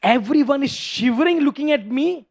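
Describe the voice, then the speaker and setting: A man's voice: on the high side, very animated, a little slow, pitched below the performer's own voice. A man voicing a furious, tyrannical demon king who demands obedience. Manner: roaring, domineering, demanding.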